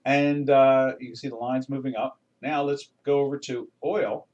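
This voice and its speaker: A man's voice: medium pitch, steady tone, normal speed, darkish tone, far from the mic, muffled recording. An older man hosting a live trading webinar, talking through charts in a folksy, rambling way with many restarts and fillers. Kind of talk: casual live market commentary.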